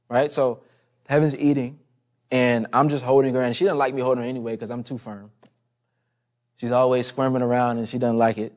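Man, pastor, sermon, conversational storytelling, impassioned. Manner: impassioned, rising in pitch and volume toward the end; personal storytelling, conversational asides.

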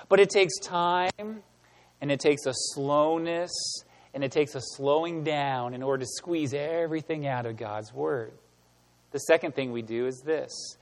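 A man giving a sermon as pastor, animated and emphatic, asking the room rhetorical questions. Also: on the high side, long reverb tail. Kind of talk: sermon teaching.

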